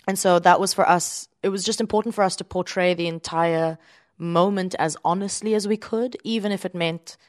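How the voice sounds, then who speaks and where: A woman with a deep voice, an actress answering interview questions in an earnest, thoughtful way with many fillers. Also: steady tone, normal speed, darkish tone, no room sound, studio quality. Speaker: stage actress.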